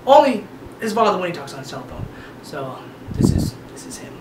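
A man's voice: sing-song, brisk. Hesitant man introducing his characters. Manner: hesitant, low-key. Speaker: comedian auditioning. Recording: echoey room, far camera, background noise.

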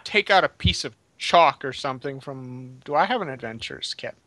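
A man playing at a tabletop game, making eager, quick suggestions. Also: mid-range voice, lively intonation, bright, forceful tone, no echo. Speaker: player.

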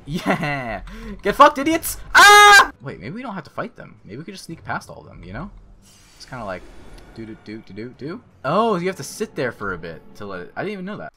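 A young man giving crude, excitable commentary while playing a video game, swinging from mutters to yells. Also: medium pitch, fast, slight background noise. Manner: crude joking. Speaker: gaming YouTuber. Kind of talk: Let's Play commentary.

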